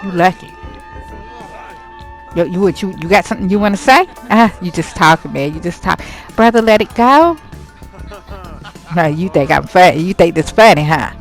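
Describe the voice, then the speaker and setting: A woman's voice: fairly low pitch, animated, normal speed, pauses often, soft background music. Woman as hot-tempered young guy, slangy threats, sing-song. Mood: angry. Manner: blustering, threatening, street slang. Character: hot-tempered young man defending his sister. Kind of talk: voicing a life-sim game character.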